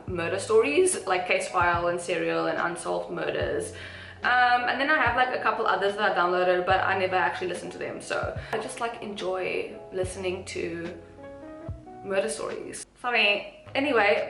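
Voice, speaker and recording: A woman's voice: mid-range voice, a bit bright. A young South African woman chatting casually to camera as a vlogger, rambling with giggly asides. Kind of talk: casual chat. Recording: echoey room with faint music.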